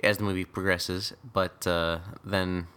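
A man's voice: low voice, level tone, unhurried, a bit bright, clear, resonant tone. A man co-hosting a podcast, recapping a movie in casual chat and laughing often. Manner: laughs often, mocks the acting. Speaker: podcast co-host.

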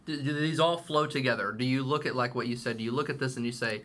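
A man's voice: medium pitch, quick pace, fairly bright tone. A man co-hosting a casual film discussion, talking conversationally and asking probing follow-up questions. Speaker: podcast co-host.

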